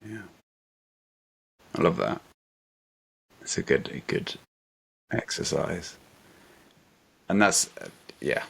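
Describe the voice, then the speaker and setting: A man's voice: low-pitched, sing-song, slow pace, gravelly, long pauses, a bit bright, breathy edge. A man co-hosting a podcast, talking in an earnest, reflective and motivational way. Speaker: podcast co-host. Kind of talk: casual podcast chat.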